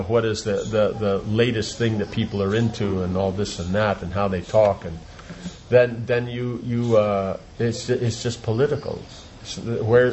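A man's voice: on the low side, a little mellow, slight background noise. A man giving an informal religious talk as a teacher, rambling, repeating words and asking rhetorical questions. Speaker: spiritual teacher.

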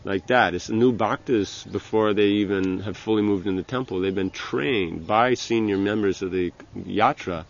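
This spiritual teacher's informal religious talk comes in a fairly low, creaky voice with the highs cut off. He speaks haltingly, full of restarts and "you know."

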